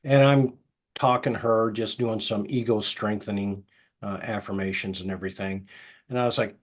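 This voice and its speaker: A middle-aged man who works as a hypnotist, telling anecdotes casually and acting out the quoted dialogue, with a soft, slow voice for the hypnotic suggestions. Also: on the low side, husky. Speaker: hypnotist guest. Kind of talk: casual storytelling interview.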